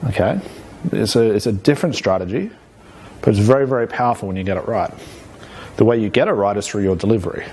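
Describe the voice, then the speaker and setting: A man teaching a live hypnosis workshop to a room, energetic and often checking in with "okay?". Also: on the low side, fast, a little hiss or hum. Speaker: hypnosis trainer. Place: training room with an audience.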